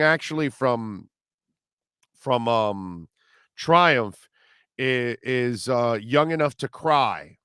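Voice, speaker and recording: A middle-aged man hosting a sports radio show, chatting loosely and rambling through listener comments. His voice is smooth and resonant, recorded close and dry with no room sound. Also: mid-range voice, bright, forceful tone, no room sound. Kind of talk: casual live radio talk.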